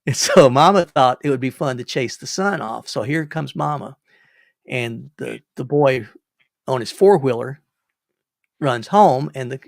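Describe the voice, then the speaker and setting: A man's voice: medium pitch, creaky, no echo, clean studio sound. An older man hosting a livestream, telling rambling stories with repeated words and chuckles. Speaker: livestream host. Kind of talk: casual storytelling.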